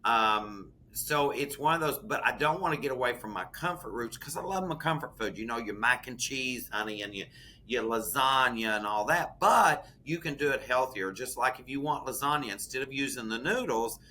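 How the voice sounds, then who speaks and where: A man with a Southern US accent chatting as a podcast co-host, folksy and animated, calling the listener "honey". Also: mid-range voice, moderate pace, a little hiss or hum. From American South. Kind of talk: casual chat.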